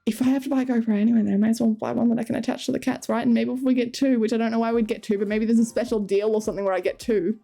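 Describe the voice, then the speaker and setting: A woman's voice: a little high, fairly even intonation, rapid-fire, vocal fry, hardly any pauses, warm tone, soft background music. A woman streamer chatting casually and giggling as she reads chat and talks to her cats.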